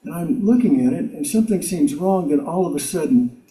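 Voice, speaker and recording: A man's voice: fairly high pitch, animated, fairly quick, crowd noise. An older man from South Carolina, a guest speaker telling personal stories to a congregation in a wry, self-mocking way, with chuckles and filler words. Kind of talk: storytelling talk to a congregation. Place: community meeting hall. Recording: roomy hall, voice from far off.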